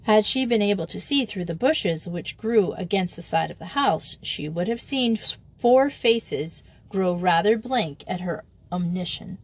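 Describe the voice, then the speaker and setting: A woman reading a children's novel aloud as narrator, in a steady storytelling voice. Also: mid-range voice, unhurried, few pauses, slightly rough. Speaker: audiobook narrator.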